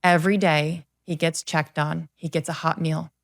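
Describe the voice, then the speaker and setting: A woman's voice: low-pitched, normal speed, vocal fry. A middle-aged woman telling personal stories with earnest energy as a coach on a podcast, acting out what people said. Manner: animated, earnest storyteller who acts out quoted voices. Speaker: guest, confidence coach. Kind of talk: podcast interview storytelling.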